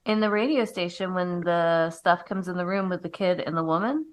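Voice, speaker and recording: Southern woman on a podcast, frank and wry, kinda low voice. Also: moderate pace. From American South. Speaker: podcast co-host. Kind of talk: casual chat.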